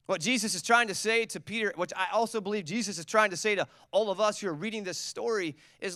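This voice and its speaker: Bright, animated man preaching. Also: high-pitched, fast talker, hardly any pauses, dry recording, clean studio sound. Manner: storytelling, animated, acts out quotes. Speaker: pastor. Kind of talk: sermon.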